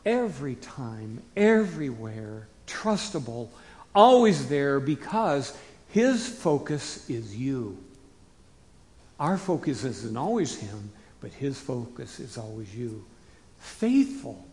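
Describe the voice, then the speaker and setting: A man preaching a conversational sermon to his congregation in a folksy way, rising to emphatic bursts and dropping to quiet asides. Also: a little high, expressive, measured pace. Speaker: pastor. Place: church sanctuary. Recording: long hall reverb.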